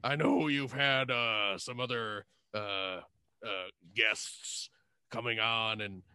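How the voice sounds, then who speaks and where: A man playing a lewd, mischievous male Devil and fallen angel in a comedy bit on a video call, with a gravelly, pirate-like growl. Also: fairly low pitch, steady tone, slow pace, pushed and bright, dry recording, clean studio sound, heavily acted. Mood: mock-grand. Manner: leering, teasing, cackling.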